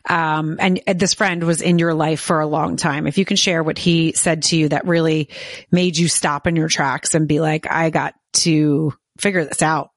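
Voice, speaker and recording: A woman hosts an interview with a somewhat low voice. She asks empathetic questions, and her voice sounds dry and close. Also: level tone, moderate pace, no echo. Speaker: host.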